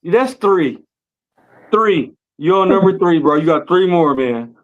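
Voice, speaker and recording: A man trades loud, teasing jokes with his co-hosts. His voice sits high and carries. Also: animated, unhurried, muffled recording. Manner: loud, joking, teasing trash talk. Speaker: podcast co-host. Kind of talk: casual chat.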